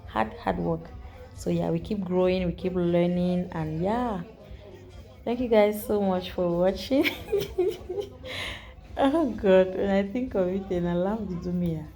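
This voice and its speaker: A woman with a Nigerian accent telling a story to the camera in a chatty, animated vlog, repeating herself and adding asides. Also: lowish voice, measured pace, faint music behind. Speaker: vlogger.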